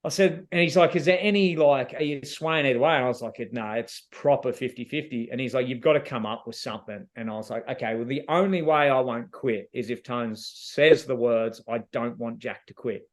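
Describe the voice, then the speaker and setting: An Australian man speaks as a guest in a relaxed interview, openly recounting an emotional episode. He slips into the voices of the people he quotes as he goes. His voice sits at an ordinary middle pitch for a man. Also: fairly quick, hardly any pauses. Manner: candid, emotional retelling that acts out quoted dialogue. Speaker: reality show contestant as guest. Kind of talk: casual storytelling interview.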